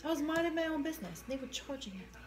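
A woman's voice: sits high, expressive, very fast. A woman co-hosting a casual livestream, chatting with viewers and giggling through her stories. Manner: giggly, playful, squeals quoted lines. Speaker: livestream co-host.

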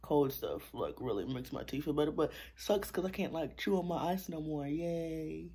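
Gravelly young woman with a sore mouth. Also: sits low, expressive, moderate pace, warm tone. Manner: talks through sore mouth, drops to whispers and laughs. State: sore mouth from new braces. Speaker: vlogger. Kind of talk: casual vlog chat to camera.

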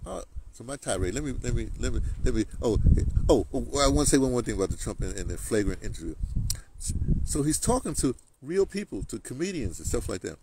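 Male commentator, rambling rant, animated delivery, noisy lo-fi recording. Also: fast. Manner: rambling, repeats words, lively pitch. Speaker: political commentator. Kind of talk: ranting monologue.

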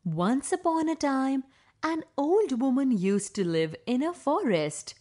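A woman narrating a children's story in a slow, clearly paced storytelling voice. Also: high voice, very animated, a little mellow.

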